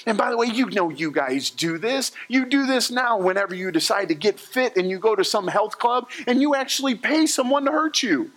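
A middle-aged male pastor delivering a sermon with a fairly high voice. He preaches in an animated, joking way, acting out little quotes as he goes. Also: normal speed, few pauses. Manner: humorous, animated storytelling with acted-out quotes.

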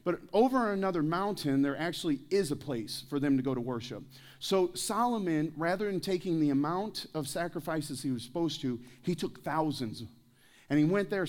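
Pastor, male, slightly raised pitch; preaches through anecdotes and jokes, asks the room questions. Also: expressive, brisk. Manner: joking, anecdotal storytelling; addresses the congregation with questions. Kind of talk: sermon. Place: church service.

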